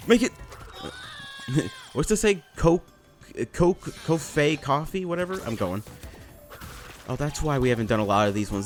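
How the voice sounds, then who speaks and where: A man giving casual let's play commentary, excitable and self-mocking, swearing and laughing often into a desk microphone. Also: mid-range voice. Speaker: gameplay commentator.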